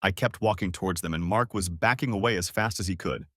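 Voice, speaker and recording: A man narrating a dramatic first-person story, expressive and bitter. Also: deep voice, quick pace, no echo, studio quality.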